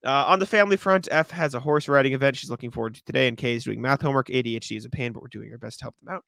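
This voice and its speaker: Fast-talking bright-voiced young man. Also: medium pitch, vocal fry, no echo, clean studio sound. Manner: quick, chatty, laughs often between remarks. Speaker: podcast co-host. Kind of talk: casual sports podcast chat, reading listener mail aloud.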